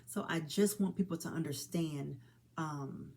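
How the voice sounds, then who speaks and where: A woman's voice: low voice, measured pace, creaky, darkish tone, a little hiss or hum. A woman in her forties speaking earnestly and directly to listeners, calling them honey and child as she pleads for people to help each other. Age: 40s. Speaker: mother speaking on suicide awareness. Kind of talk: heartfelt direct-to-camera talk.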